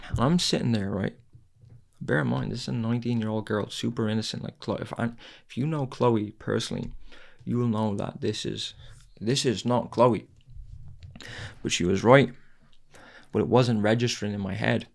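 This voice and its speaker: A man's voice: mid-range voice, moderate pace, creaky, long pauses. A man hosting a podcast and telling a raw, candid personal story, swearing and repeating his phrases. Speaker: podcast host.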